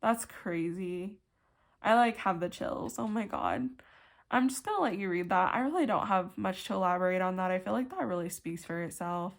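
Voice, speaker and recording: A woman's voice: fairly low pitch, normal speed, vocal fry. A young woman giving a casual pick-a-card tarot reading, chatty and emphatic, full of "like" and casual swearing.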